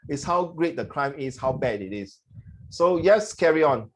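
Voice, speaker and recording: A middle-aged man with a Singaporean accent, teaching a class in a lively way and acting out the voices he quotes. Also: on the high side, moderate pace. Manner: animated, switches between English and Mandarin, acts out quoted voices. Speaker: English tutor.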